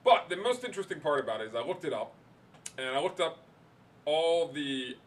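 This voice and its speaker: A man's voice: on the high side, big pitch swings, brisk, far from the mic, slight background noise. Sardonic male podcast co-host. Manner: dry, dismissive, sarcastic. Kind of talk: casual chat.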